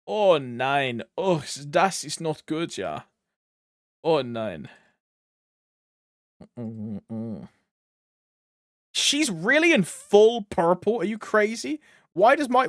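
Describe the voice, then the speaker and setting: A man's voice: mid-range voice, a bit bright, no echo, clean studio sound. A man streaming a game, chatting casually, joking around, swearing now and then and humming to himself. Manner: joking, loose, swears freely, hums to himself. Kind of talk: casual gameplay chat.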